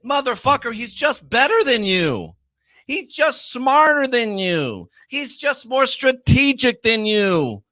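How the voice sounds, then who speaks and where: A man hosting a reaction commentary, ranting with profanity and mockery, swinging from shouted jeers to low muttering. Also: sing-song, slow, dry recording, studio quality. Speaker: commentary host.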